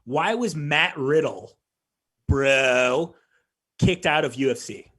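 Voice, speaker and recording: A man's voice: mid-range voice, takes it slowly, a bit bright. A man hosting a casual podcast, easygoing as he reads out quiz questions. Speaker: podcast host running a quiz.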